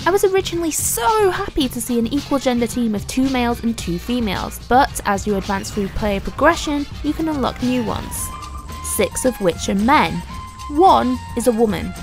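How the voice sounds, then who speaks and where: A woman's voice: fairly high pitch, animated, moderate pace, music in the background. A woman giving a ranting game review, sarcastic and exasperated, and swearing freely.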